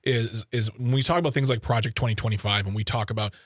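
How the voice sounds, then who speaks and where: A man's voice: medium pitch, steady tone, fast, no echo, studio quality. A man hosting a political radio interview, asking questions politely and calling his guest sir. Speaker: radio host.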